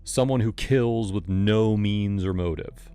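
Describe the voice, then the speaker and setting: A man narrating a scripted true-crime story in a measured, explanatory way. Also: on the low side, warm tone, clean tone.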